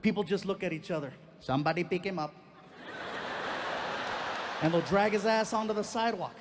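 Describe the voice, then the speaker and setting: Animated high-voiced stand-up comedian. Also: male voice, a little fast, very noisy. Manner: animated storyteller, acts out voices and sound effects. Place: live comedy stage.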